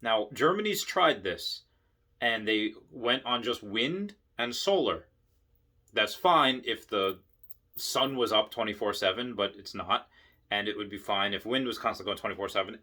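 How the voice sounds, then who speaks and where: An excitable man talking casually on his own channel, his voice bright and forward. He rambles, restarts his sentences, and builds up steam as he goes. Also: fairly low pitch, husky. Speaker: investing vlogger. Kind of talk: casual monologue.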